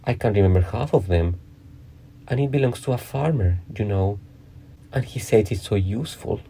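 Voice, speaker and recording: A man's voice: on the low side, lively intonation, moderate pace, dark tone, slightly rough. A man reading aloud, voicing a curious, polite young girl who chatters primly, half to herself. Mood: chattering. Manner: prim, fussy, talks half to herself.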